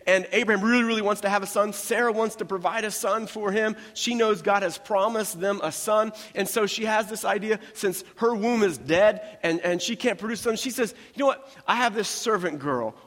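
High-voiced male preacher in echoing hall. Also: a bit bright. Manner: conversational, humorous preaching with quick asides. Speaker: pastor. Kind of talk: sermon.

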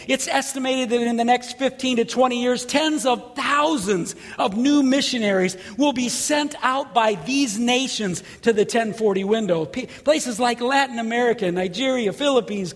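A man preaching a sermon, telling a story with lively energy and shouting at the big moments. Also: very high voice, big-room sound. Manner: animated, shouts at story peaks. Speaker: pastor.

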